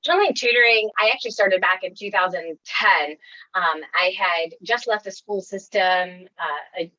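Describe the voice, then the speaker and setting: A woman's voice: mid-range voice, normal speed, bright, forceful tone, no room sound, highs cut off. A woman with a Wisconsin accent, chatting as a guest on a casual interview and talking about her tutoring work in an upbeat, talkative way. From United States. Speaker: guest, online tutoring coach.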